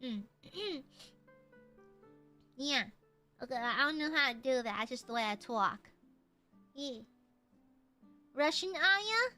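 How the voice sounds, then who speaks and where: Playful high-voiced woman streamer, unhurried. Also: expressive, sharp tone, soft background music. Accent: American, light Southern twang. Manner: playful, reads chat aloud, slips into joke voices. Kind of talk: casual live-stream chat while trying out voices.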